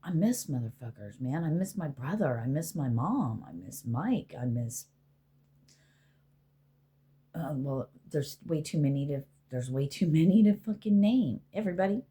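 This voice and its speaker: A woman's voice: low voice, lively intonation, normal speed, dark tone, slightly rough. A middle-aged woman, a spiritual healer, rambling casually and with profanity as she talks to spirits aloud.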